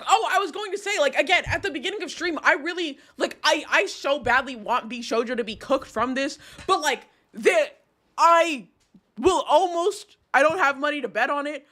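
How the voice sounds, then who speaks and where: A young woman talks through a live stream in casual commentary, her voice high-pitched and sharply bright. She rambles, restarts her sentences and swears as she gets worked up. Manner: rambling, heated and emphatic, frequent swearing and restarts.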